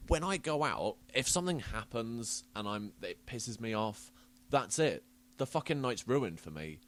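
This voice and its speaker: A young man talks casually, sweary and quick to rant. His pitch rolls up and down a lot as he goes. He laughs easily between complaints. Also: big pitch swings, fairly bright tone. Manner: sweary, ranting, laughs often. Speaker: podcast host. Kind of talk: casual chat.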